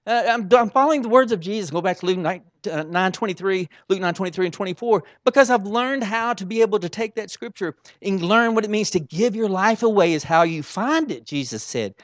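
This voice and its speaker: A man preaching a sermon, swinging between soft asides and loud exclamations in a folksy, informal way. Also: high voice, expressive, a little fast, hardly any pauses, dry recording.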